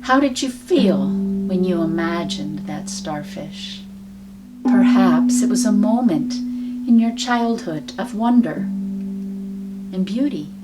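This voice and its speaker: A woman with a middle-pitched voice guides listeners through a healing exercise. She talks very slowly, with long, unhurried pauses. Her delivery is calm, measured and soft. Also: over loud music. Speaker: sound healing teacher. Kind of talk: slow guided teaching.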